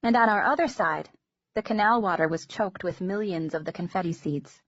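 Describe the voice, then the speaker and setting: A woman narrating an audiobook in a measured, gentle storytelling manner. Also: on the low side, no room sound. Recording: dull lo-fi recording.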